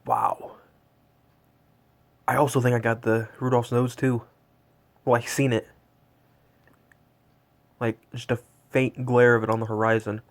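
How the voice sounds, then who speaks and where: A man's voice: medium pitch, expressive, a little slow, vocal fry, pauses often. A man in his twenties, cold and shivering, rambling in awe with many fillers in a casual vlog. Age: 20s. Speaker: vlogger tracking Santa. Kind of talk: casual excited vlog talk.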